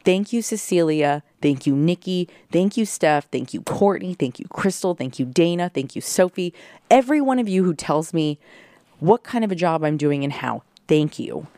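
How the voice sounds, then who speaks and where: Woman host doing a pumped-up pep talk, low voice, dry close mic. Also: expressive, normal speed, dark tone, dry recording. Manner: peppy, pep-talk, swears for emphasis. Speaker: podcast host. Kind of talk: casual solo podcast talk. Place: at home. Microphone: close podcast mic.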